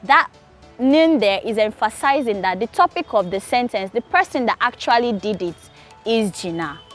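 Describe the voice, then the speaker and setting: A young woman from Nigeria teaching Korean grammar in a casual, patient way, repeating key points slowly. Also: fairly high pitch, animated, soft background music. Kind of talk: casual explanatory lesson.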